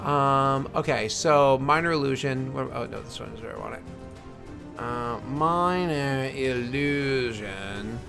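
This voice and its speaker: A man's voice: medium pitch, slow pace, vocal fry, music in the background. A man streaming casually, rambling and joking to his chat, muttering asides and swearing now and then.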